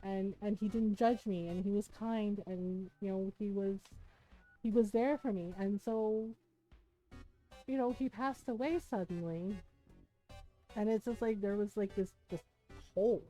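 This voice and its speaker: Woman streamer chatting through a story, lots of "like" and "right?", warm low-key tone, faint music behind. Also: measured pace. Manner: animated retelling, acts out quoted people; many fillers like 'right?' and 'like'. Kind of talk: casual storytelling chat to stream viewers.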